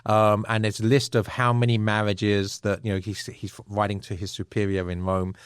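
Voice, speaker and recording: Low-voiced English man, dry close sound. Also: flat delivery, moderate pace, clear, resonant tone, no room sound. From England. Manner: earnest storytelling, occasional chuckle. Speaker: author guest. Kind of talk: casual interview chat.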